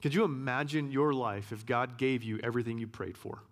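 A man giving a sermon as a guest preacher, earnest, repeating key phrases and sometimes dropping to a hush. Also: mid-range voice, a little fast. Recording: long hall reverb.

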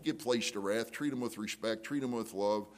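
A middle-aged man preaching a sermon, telling a story and acting out the voices in it with big jumps up in pitch. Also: moderate pace. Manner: animated storytelling, jumps high to act out quotes. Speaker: pastor. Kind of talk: sermon with acted-out anecdote.

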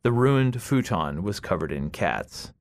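A man reading his own short story aloud in a measured, deliberate way. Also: deep voice, big pitch swings, dry recording, studio quality. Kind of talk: literary reading.

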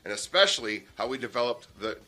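Fast, bright-voiced brash male host. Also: medium pitch, animated. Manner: brash, profane, rambling banter. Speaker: show host. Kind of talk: casual chat.

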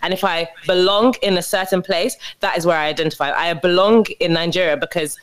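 A woman's voice: fairly low pitch, fairly quick. A woman born in the United Kingdom, a guest telling stories bluntly in a casual discussion.

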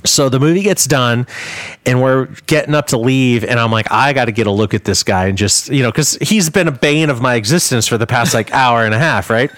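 A man's voice: medium pitch, a little fast, fairly bright tone, dry recording. A man, a guest musician, telling a long anecdote in casual chat, rambling and filling gaps with "like". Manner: rambling, many filler "like"s. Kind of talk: casual storytelling.

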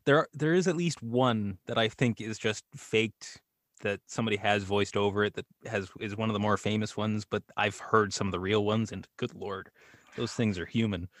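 A man's voice: fairly low pitch, steady tone, moderate pace, a bit bright, no room sound, clean studio sound. A man who works as a voice actor, a guest on a podcast in casual chat. He is wry and often stammers and restarts his phrases.

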